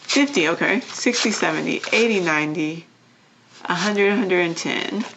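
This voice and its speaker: A young woman vlogger chatting casually as she counts cash into envelopes, often dropping to a soft murmur. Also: fairly low pitch, moderate pace, creaky, background noise. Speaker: vlogger doing budgeting videos.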